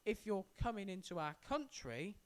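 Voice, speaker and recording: A man's voice: high-pitched, sing-song, moderate pace, fairly bright tone, clean tone. A man co-hosting a casual podcast, laying out his opinions in long, lecturing explanations. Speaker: podcast co-host. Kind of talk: casual chat.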